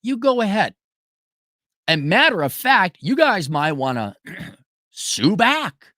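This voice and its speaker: A man's voice: sits high, big pitch swings, slow pace, sharp tone, no room sound, clean studio sound. A man delivering a profane, sarcastic ranting monologue, breaking into mocking voices. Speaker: commentator.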